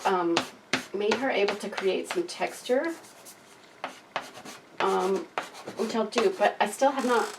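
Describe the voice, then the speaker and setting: A self-taught painter with a medium-pitched voice works with pastels, narrating casually as she thinks aloud and talks to herself with frequent hesitations. The distant mic picks up clear background noise.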